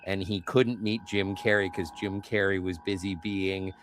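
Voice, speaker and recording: A man chatting casually as a podcast co-host, animated, often slipping into quoted voices. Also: sits low, moderate pace, slight background noise. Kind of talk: casual conversational chat.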